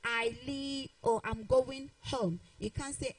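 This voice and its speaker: A woman giving a televised grammar lesson as a teacher, deliberately repeating each example sentence. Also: high voice, fairly even intonation, poor audio.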